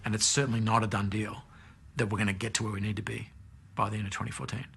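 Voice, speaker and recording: A man's voice: fairly low pitch, little pitch movement, fast talker, vocal fry, a bit bright, slight background noise. A man giving an earnest, analytical documentary interview.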